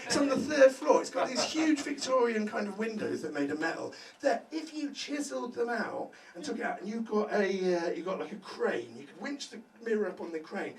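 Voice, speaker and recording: A man's voice: sits high, lively intonation, a little fast, hardly any pauses, roomy sound. A male stand-up comedian doing a swearing crowd-work set, tagging lines with "right?" before a laughing audience. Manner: loud, swearing, crowd-work banter with many "right?" tags. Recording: distant mic, audible room ambience.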